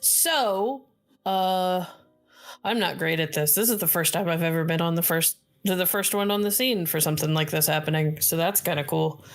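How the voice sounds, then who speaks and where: A woman's voice: fairly low pitch, moderate pace, lightly acted. A woman voicing a lackadaisical, scruffy transient man who talks in a nonchalant way. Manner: laid-back, nonchalant.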